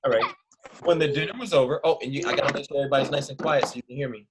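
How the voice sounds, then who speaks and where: A man's voice: medium pitch, very fast, heavy background noise. A male teacher reading a storybook aloud to children and stopping to ask them questions. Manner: lively, asks the children questions.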